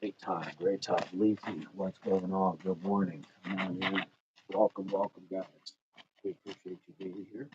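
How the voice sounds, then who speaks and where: A man's voice: low-pitched, flat delivery, moderate pace, dull audio. A man hosting a fitness livestream, chatting casually and encouragingly with viewers while he walks and moves. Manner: upbeat, encouraging, greets viewers by name; walking in place while talking. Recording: noisy livestream audio.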